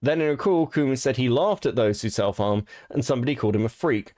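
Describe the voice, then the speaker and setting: A man's voice: mid-range voice, lively intonation, fast, a little mellow, dry recording, studio quality. A man hosting a casual commentary stream, swearing and restarting as he gets worked up. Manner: heated, swearing, frequent restarts. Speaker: stream host.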